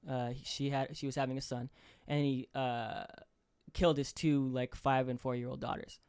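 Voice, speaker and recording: A man's voice: medium pitch, level tone, normal speed, darkish tone, clean tone. A young man co-hosting a podcast, retelling a true crime case in casual chat, swearing constantly and acting out the people he quotes, with lots of fillers. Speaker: podcast co-host.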